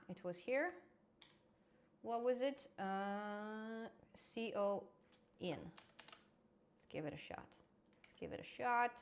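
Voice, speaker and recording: A woman's voice: mid-range voice, vocal fry. A woman hosting a casual live coding stream, thinking aloud as she works and answering chat.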